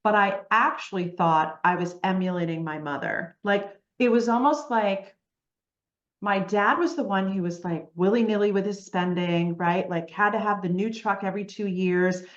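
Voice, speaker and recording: A woman guest on an interview podcast, telling her story in a lively way and often asking "right?". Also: medium pitch, moderate pace, echoey room, muffled recording. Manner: animated storytelling, frequent "right?" tags.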